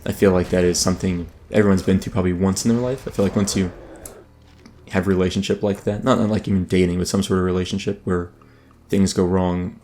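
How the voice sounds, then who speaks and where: A man's voice: low-pitched, little pitch movement, quick pace, slight background noise. A man casually narrating while playing an online game, rambling with frequent ums and restarts. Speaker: gaming YouTuber. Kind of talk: casual let's play commentary. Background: soft background music.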